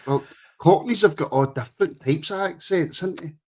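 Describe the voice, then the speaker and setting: A man's voice: on the high side, a little fast, darkish tone. A man co-hosting a podcast, chatting casually, laughing often and reading out viewer comments. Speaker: podcast co-host. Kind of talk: casual chat.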